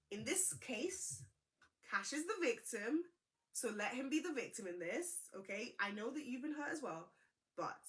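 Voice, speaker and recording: Bright-voiced chatty woman. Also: on the high side, moderate pace. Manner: chatty, gossipy, expressive. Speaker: host. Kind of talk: casual reality TV recap.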